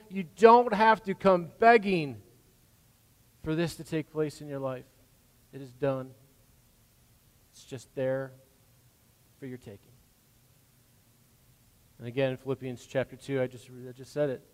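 A man preaching a sermon as pastor, swinging from hushed, gentle passages to loud, emphatic lines. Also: medium pitch, steady tone, measured pace, long pauses, clean tone. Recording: long hall reverb.

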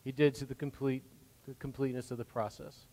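A man preaching a sermon as pastor, swinging from hushed, gentle passages to loud, emphatic lines. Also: medium pitch, level tone, fairly quick. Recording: long hall reverb.

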